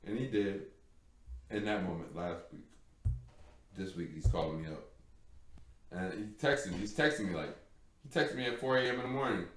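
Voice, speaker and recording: A man's voice: fairly low pitch, gravelly. A man co-hosting a live stream, telling a long story in casual chat and acting out the voices of the people in it. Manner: animated storyteller acting out quoted dialogue. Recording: echoey room.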